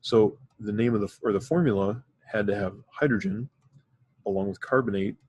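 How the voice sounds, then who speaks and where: A man with a lowish, darkish, husky voice works through a chemistry lesson at a moderate pace, laying it out step by step and sometimes using fillers. This classroom lecture was recorded dry, and the audio sounds dull.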